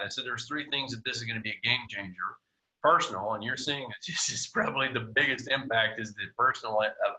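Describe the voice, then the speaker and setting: A man's voice: mid-range voice, pushed and bright, rough recording. A man hosting a team video call, talking at length with many repeated words and fillers. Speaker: host.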